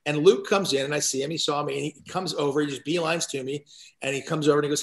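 A man guesting on a chatty podcast, his voice a touch high and full of gravel. He tells his stories with energy, and he keeps tripping over and restarting his sentences. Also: very fast, reverberant. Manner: chatty, animated storyteller with frequent restarts. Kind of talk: casual chat, storytelling.

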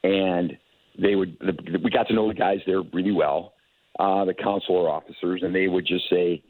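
A man's voice: sits low, fairly even intonation, normal speed, no room sound. An older man, a hockey executive, telling long rambling anecdotes as an interview guest, with many restarts and chuckles. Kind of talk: casual storytelling. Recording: tinny phone line, dry.

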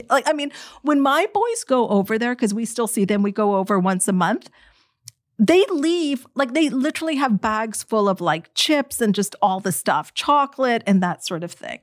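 A middle-aged woman telling her own story to an audience, emotional and animated, speaking straight to her listeners. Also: on the high side, normal speed, no room sound, studio quality. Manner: animated, emotional, direct address.

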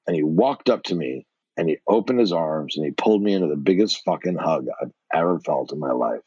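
A man's voice: a bass voice, animated, a little fast, a little mellow, husky, dry recording, lo-fi sound. A middle-aged man from New York, a podcast guest telling his life story with blunt, profane energy.

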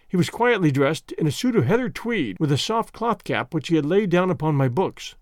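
Brief: male audiobook narrator, expressive delivery, dry close recording. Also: a little high, dry recording. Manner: measured, expressive storytelling. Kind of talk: audiobook reading of a classic story.

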